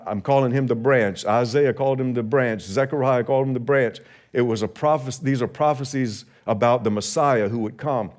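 A man preaching a Sunday sermon in church, rising and slowing for emphasis on scripture. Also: mid-range voice, darkish tone. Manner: rises and slows for emphasis when quoting scripture. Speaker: pastor. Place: church sanctuary.

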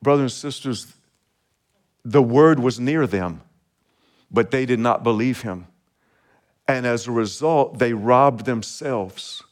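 A man's voice: mid-range voice, slow pace, long pauses. A man preaching a sermon as pastor, earnest and repetitive, chuckling between phrases and building in intensity.

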